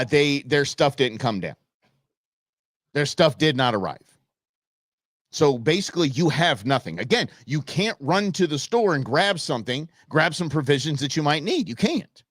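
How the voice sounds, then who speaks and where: A man's voice: a little high, a bit bright, no room sound, clean studio sound. A middle-aged man hosting a live show, telling a story in a rambling, emphatic way with lots of fillers and restarts. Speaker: show host.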